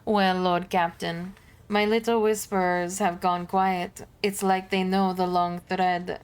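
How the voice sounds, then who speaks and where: A tired, tender-hearted psychic companion, as a woman voices her in a put-on accent. Her delivery is wistful and emotional, with a slightly low voice. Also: little pitch movement, takes it slowly, clean tone. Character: weary, sentimental female psychic companion.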